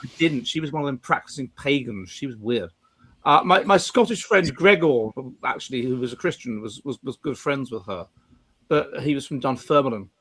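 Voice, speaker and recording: A man's voice: mid-range voice, animated, moderate pace, fairly bright tone, slightly rough. A man hosting a casual panel chat, rambling with stumbling restarts. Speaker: podcast host. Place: home studio on video stream.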